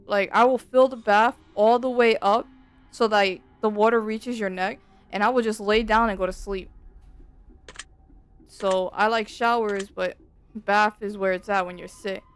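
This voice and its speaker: Chatty woman streamer with a clear voice. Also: mid-range voice, measured pace. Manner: chatty, animated storytelling with slang. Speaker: VTuber streamer. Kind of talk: casual game commentary. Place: dark room at home.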